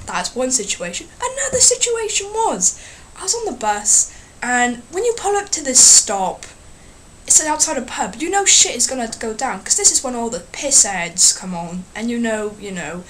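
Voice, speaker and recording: A woman's voice: high voice, a little hiss or hum. A woman ranting in a casual vlog, telling rambling, sarcastic, sweary stories. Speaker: vlogger.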